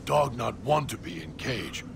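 An actor playing a hulking, simple-minded mutant who speaks of himself in broken third person, slow and plaintive, in game audio. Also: male voice, medium pitch, expressive, very noisy. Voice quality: gravelly. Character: hulking hungry male mutant dog-brute, simple-minded.

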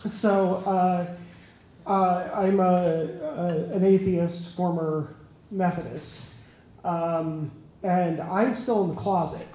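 A man's voice: high voice, a little mellow, slight background noise. A man in the audience with a nasal voice asking a question, hesitant and self-deprecating. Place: lecture hall. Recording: very echoey hall.

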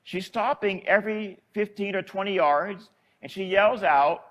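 A man, a Catholic priest, delivering a homily as an animated storyteller who chuckles as he goes. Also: high voice, a little slow, few pauses.

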